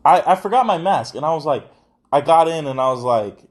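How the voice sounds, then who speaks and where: A man's voice: fairly high pitch, animated, a little fast. A young adult man hosting a podcast, talking in casual, rambling chat full of slang and swearing. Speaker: podcast host.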